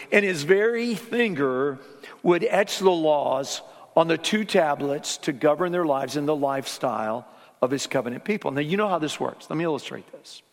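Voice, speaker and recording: A male pastor preaching a sermon, swinging from lively emphasis down to soft, hushed tones. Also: high-pitched, in a large hall.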